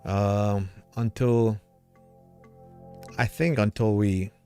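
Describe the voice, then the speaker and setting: A man's voice: fairly low pitch, fairly even intonation, very slow, dark tone, faint music behind. A man hosting a crypto livestream in a casual, rambling way, a little tipsy from drinking, calling his viewers brother and man.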